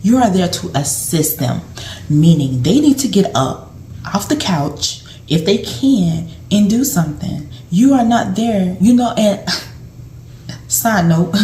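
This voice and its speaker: A woman's voice: medium pitch, expressive, slow pace, dark tone, slight background noise. A woman who once worked as a home health aide, telling stories and giving tips in a rambling, conversational way with lots of fillers. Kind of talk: casual storytelling vlog. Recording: roomy echo.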